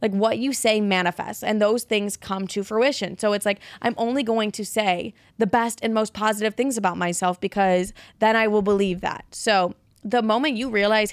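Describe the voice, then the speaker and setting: A woman's voice: medium pitch, normal speed, clear, resonant tone, dry recording. Blunt, swearing young woman podcaster. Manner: blunt, profane, pep-talk tone. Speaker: podcast host. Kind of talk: casual monologue.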